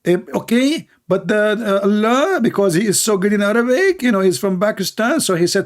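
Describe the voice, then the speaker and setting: A man hosts a call-in show in a mocking monologue, scornful and sarcastic. His voice sits a little high for a man. His grammar is broken, and he keeps firing rhetorical questions. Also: lively intonation, a little fast, hardly any pauses. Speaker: show host taking calls.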